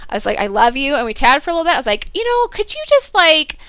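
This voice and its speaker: A woman with a high, bright voice that swings widely in pitch, chatting animatedly with a co-host. She acts out quotes and laughs often, recorded close and dry. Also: sing-song, fast, dry recording. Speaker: podcast co-host. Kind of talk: casual fan chat.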